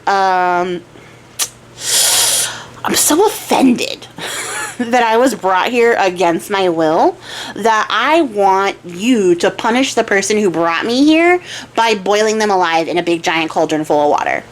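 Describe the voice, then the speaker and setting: Woman doing folktale princess, young, cold, demanding, flat, disdainful. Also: mid-range voice, slow, low-quality recording.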